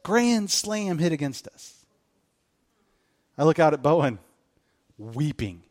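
A man's voice: fairly high pitch, slow pace. A man in his thirties, a pastor, delivering a conversational sermon full of stories and emphatic repetition. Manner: conversational storytelling with rising excitement and emphatic repetition.

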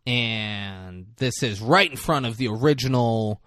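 A man's voice: mid-range voice, unhurried, dry recording, clean studio sound. A man co-hosting a casual chat show, retelling a movie scene by scene with swearing and acted-out lines. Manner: animated, swearing, acts out characters' lines. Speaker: podcast co-host recapping a movie.

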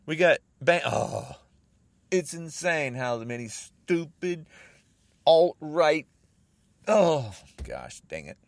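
Angry American man ranting, wildly swinging pitch. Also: very animated, takes it slowly, pauses often, no echo. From United States. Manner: agitated, repetitive, swinging between shouting and muttering. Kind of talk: angry political rant.

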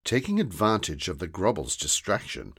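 A man narrating a children's fantasy story in a slow, deliberate storytelling manner. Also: sits low, huge pitch swings, vocal fry, slightly rough.

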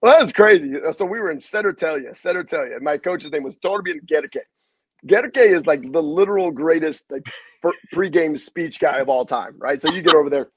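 A man's voice: fairly high pitch, normal speed, slightly rough, no room sound, rough recording. A middle-aged man, a head basketball coach, telling stories in a casual interview, acting out quotes with salty language. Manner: animated storyteller, acts out quotes, salty language.

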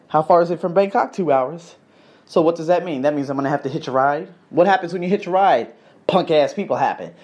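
Male podcast host, casual storyteller; swings widely in pitch, rants with lots of swearing. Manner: animated, profane and ranting.

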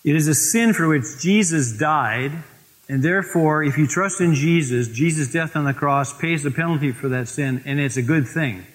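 A man preaching a sermon, telling stories and slowing down to stress scripture. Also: fairly high pitch. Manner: storytelling, slows for emphasis on scripture. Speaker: pastor. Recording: long reverb of a church hall.

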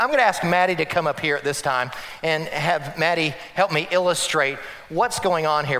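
A man preaching a sermon as a pastor, animated, acting out quotes and mixing in humor. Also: high voice, long reverb tail.

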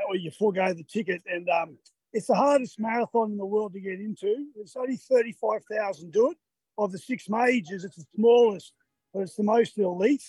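An older Australian man, a marathon runner, chats to radio hosts by phone from outdoors near the finish line. He sounds tired after the race, laughs a lot, and acts out what the crowd shouted at him. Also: high-pitched, breathy edge, no room sound. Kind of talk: casual chat on a live radio call. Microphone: phone on a video call.

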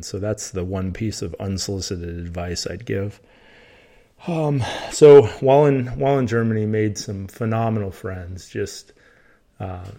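Laid-back man, rambling. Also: fairly low pitch. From United States. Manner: rambling, restarts and corrects himself often; relaxed, chatty storytelling. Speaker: podcast host. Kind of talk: casual solo podcast monologue.

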